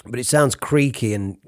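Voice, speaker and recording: A raspy, breathy-voiced man giving a casual singing lesson, demonstrating sounds as he explains. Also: medium pitch. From United Kingdom. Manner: informal, demonstrates sounds mid-sentence. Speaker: vocal coach.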